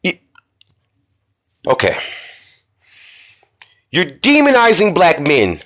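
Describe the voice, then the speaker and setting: High, lively, sharp-voiced indignant man. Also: takes it slowly, long pauses, husky. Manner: indignant, rhetorical questions, repeats himself for emphasis. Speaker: commentary channel host. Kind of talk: heated commentary vlog.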